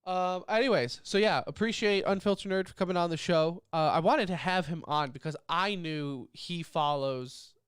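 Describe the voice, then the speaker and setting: A man's voice: sits high, normal speed, hardly any pauses, a bit bright, smooth, dry recording, studio quality. A man hosting a podcast in a casual chat, his voice a bit nasal from a lingering cough. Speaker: podcast host.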